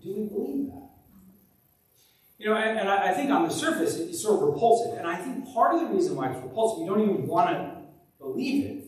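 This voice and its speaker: A man's voice: sits high, big pitch swings, a little fast, far from the mic. A man preaching a conversational sermon as pastor, often restarting and repeating words. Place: church sanctuary. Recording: very echoey church live stream from afar.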